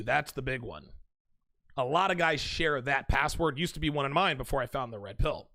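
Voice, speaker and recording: A man's voice: mid-range voice, expressive, moderate pace, creaky, bright, forceful tone, no room sound. A man hosting a dating-advice channel, talking bluntly and casually to his viewers and calling them guys and dude. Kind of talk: casual straight-to-camera monologue.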